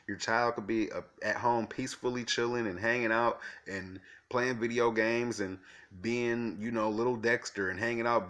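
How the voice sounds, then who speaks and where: A man's voice: fairly low pitch, a bit bright. A man talking to camera in a rambling, earnest monologue, repeating himself with fillers and restarts. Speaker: vlogger.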